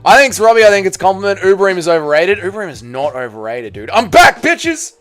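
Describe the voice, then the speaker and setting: Speaking quickly in a high-sitting voice, an Australian-accented man chats casually with his livestream viewers, cursing freely. Faint music plays behind him as he reacts.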